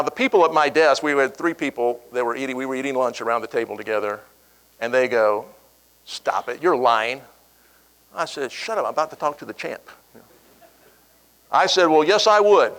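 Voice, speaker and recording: Man telling a lively anecdote on stage. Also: mid-range voice, rough recording. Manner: animated storyteller, acting out quoted voices. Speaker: keynote speaker. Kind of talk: storytelling speech.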